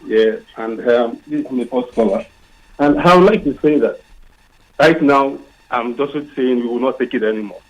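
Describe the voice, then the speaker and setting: A man's voice: medium pitch, normal speed. A Nigerian man calling in to a radio show, speaking earnestly and firing rhetorical questions, with a few restarts. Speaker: radio caller. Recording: dull phone-in line.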